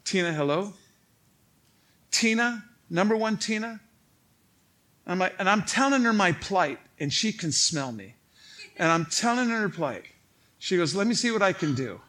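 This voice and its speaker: A man's voice: high-pitched, moderate pace, long pauses. A pastor with a Chicago accent, telling a funny story in a sermon to his congregation and acting out the voices in the dialogue. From Illinois. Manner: animated, joking, acts out quoted dialogue. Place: church stage before a congregation.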